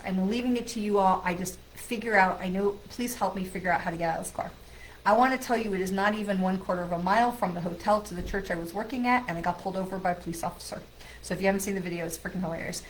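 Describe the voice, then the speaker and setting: A middle-aged woman, a psychic medium, casually telling a personal story to her viewers in a chatty, animated way. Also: mid-range voice, slight background noise, low-quality recording.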